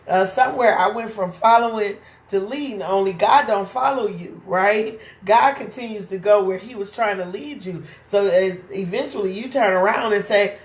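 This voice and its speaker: A woman's voice: mid-range voice, moderate pace, few pauses, reverberant. A woman teaching a casual Bible study, talking conversationally and often checking in with "right?". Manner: conversational, keeps asking "right?".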